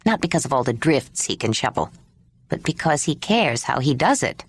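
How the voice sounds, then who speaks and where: A woman narrator voicing a kind, frank older woman who speaks in a calm, confiding way. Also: a bass voice, normal speed, breathy edge, dry recording, studio quality, pitched below the performer's own voice, exaggerated voice.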